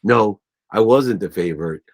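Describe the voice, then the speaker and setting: Low-voiced man telling heartfelt stories. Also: normal speed. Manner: tells stories acting out family voices, gets choked up. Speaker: guest, business coach. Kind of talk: emotional storytelling interview.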